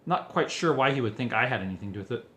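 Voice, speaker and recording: A man's voice: medium pitch, animated, very fast, bright, forceful tone. A man voicing a firm, exasperated teenage boy who sounds weary.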